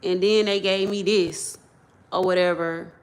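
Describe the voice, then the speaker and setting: A young woman tells a personal story to her phone camera in a rambling, casual way. Her voice sits fairly low and she speaks slowly. She loops back and repeats key points as she goes. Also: fairly even intonation, clear, resonant tone. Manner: rambling, repeats herself, builds up agitated; casual, loose grammar. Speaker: vlogger.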